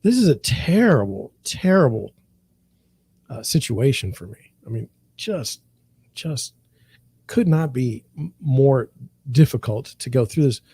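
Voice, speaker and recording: A man's voice: on the high side, warm tone. A middle-aged man, a real estate broker, talking candidly and with frustration, repeating himself and restarting his sentences. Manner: frustrated, repetitive, rambling with restarts. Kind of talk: candid monologue to camera.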